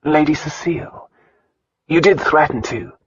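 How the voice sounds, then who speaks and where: A man reading an audiobook, voicing an arrogant nobleman husband who is gruff, blunt and dryly teasing. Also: on the high side, measured pace, no room sound, muffled recording, full character voice. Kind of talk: audiobook dialogue.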